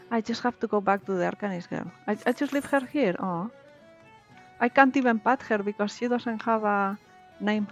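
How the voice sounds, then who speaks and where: A woman live-streaming a game, chatting casually with viewers in an excitable, giggly way. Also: mid-range voice, moderate pace, lo-fi sound, soft background music.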